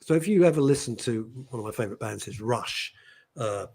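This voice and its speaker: Lively husky man, middle-aged. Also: medium pitch, fairly quick. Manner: animated storytelling with mimicked voices. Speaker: talk show host. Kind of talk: casual chat.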